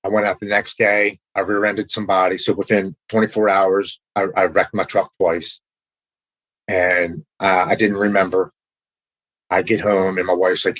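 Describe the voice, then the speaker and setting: Middle-aged guy with a lowish voice, podcast guest telling his recovery story straight, lots of "man" thrown in. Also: flat delivery, normal speed, a bit bright, poor audio. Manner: candid, emotional storytelling, often says "man".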